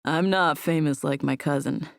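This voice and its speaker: A woman's voice: low voice, normal speed, gravelly, no room sound, studio quality, voice pushed down. A woman voicing a reserved young man who answers modestly and simply. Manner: understated, modest.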